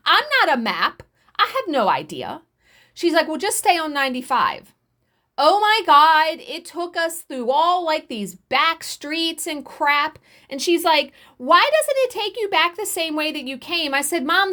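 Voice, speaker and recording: A woman in her forties with a fairly high voice that swoops up and down, chatting her way through a story as she stitches. She swears freely and acts out everyone's lines. The talk stays casual and expressive. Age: 40s. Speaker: cross-stitch vlogger.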